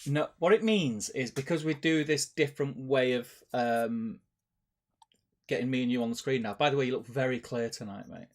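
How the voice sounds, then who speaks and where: A man's voice: mid-range voice, normal speed. A man hosting a live hobby stream, chatting casually and rambling with restarts while painting miniatures and reading out chat. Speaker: stream host.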